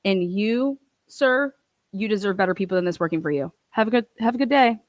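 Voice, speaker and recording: A woman's voice: medium pitch, expressive, a little fast, dry recording. A young woman telling a heated, profane storytime rant, full of swearing and laughs. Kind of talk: ranting storytime.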